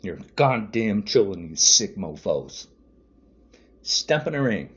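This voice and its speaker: A man's voice: fairly low pitch, big pitch swings, slow pace, fairly bright tone. A man podcasting an angry political rant, furious and repetitive, hurling insults. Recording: dull lo-fi audio.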